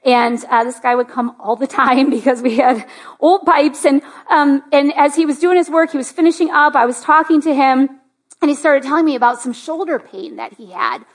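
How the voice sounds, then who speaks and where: A woman pastor speaks to her church in a chatty sermon. Her voice sits high, and she fills her story with "like". She often lifts into eager excitement. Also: normal speed. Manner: chatty, lots of "like", rising to excited. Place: church sanctuary.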